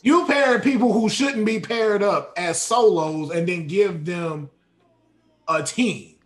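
Slangy guy guesting on a wrestling podcast, voice a bit high, real emphatic. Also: takes it slowly. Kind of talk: casual wrestling chat.

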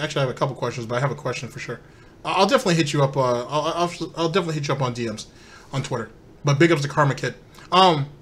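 A man's voice: mid-range voice, fairly bright tone. A man hosting a commentary channel who reacts to clips with sarcastic, mocking remarks aimed at his viewers.

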